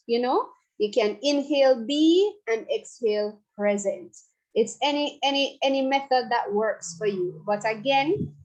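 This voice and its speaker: Woman psychologist, higher voice. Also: low-quality recording. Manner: conversational, laughs and playful asides. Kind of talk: guided relaxation talk to staff.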